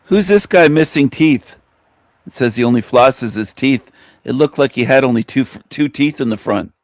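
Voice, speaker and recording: A show host reacts to a video he's watching, delivering mocking live commentary in a scornful, insulting rant. He has a medium-pitched voice at a moderate pace, recorded with no room sound.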